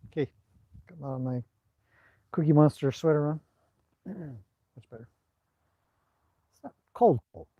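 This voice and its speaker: Man, Canadian accent, casual live-stream chat, relaxed and rambling, slightly higher voice. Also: unhurried, pauses often, no echo, highs cut off. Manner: relaxed, rambling, reads out viewer comments. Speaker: horse trainer hosting a live stream. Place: outdoors at a stable in the evening.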